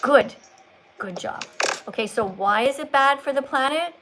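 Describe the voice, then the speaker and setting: A woman hosting a livestream, coaching a caller to read aloud slowly, in a coaxing, teacherly way as if talking to a child. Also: sits high, background noise. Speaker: livestream host.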